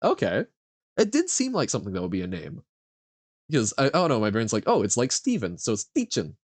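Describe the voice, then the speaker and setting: A young man on a live stream works through a vocabulary quiz, repeating each foreign word slowly and guessing its meaning out loud. His pitch moves a lot, rising on his guesses and dropping again. The sound is dry and close. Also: no echo. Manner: sounds out foreign words slowly, guessing aloud and laughing at himself. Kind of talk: casual live-stream chat while playing a vocabulary quiz.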